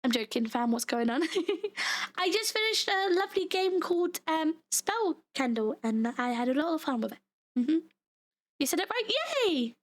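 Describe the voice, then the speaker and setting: A young British woman chatting casually on a livestream, bubbly and giggly, her voice hoarse and giving out. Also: very high voice, sing-song, normal speed. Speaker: VTuber streamer.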